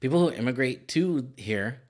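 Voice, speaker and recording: A man's voice: medium pitch, expressive, normal speed. Rich A man with a Mexican-American Californian accent co-hosts a casual podcast, his voice carrying a slight lisp. He rambles, backtracks and restarts his sentences. He laughs often as he talks. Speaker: podcast co-host. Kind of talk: casual chat.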